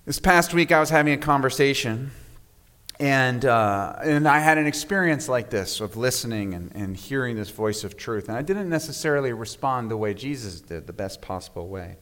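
A man preaching a sermon as pastor, measured and reflective, often letting his voice fall to a soft hush at the end of a phrase. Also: medium pitch, expressive. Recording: long reverb of a large hall.

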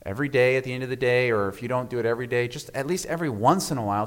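Reflective male pastor in a reverberant hall. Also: medium pitch. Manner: measured and reflective, often dropping to a soft hush at phrase ends. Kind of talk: sermon. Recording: long reverb of a large hall.

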